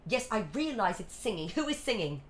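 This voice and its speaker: A woman's voice: mid-range voice, big pitch swings, a little fast, slight background noise, pitched below the performer's own voice, lightly acted. A woman voicing a stern, formal widowed captain who talks in short, clipped lines, over music. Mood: curt. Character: stern aristocratic widowed naval captain, man. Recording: music playing under the voice.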